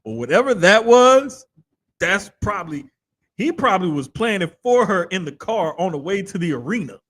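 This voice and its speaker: A man co-hosting a podcast in casual chat, talking in an animated, emphatic way and keeping his accent in check the way broadcasters do. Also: high-pitched. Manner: animated, drawn-out emphatic storytelling. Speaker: podcast co-host.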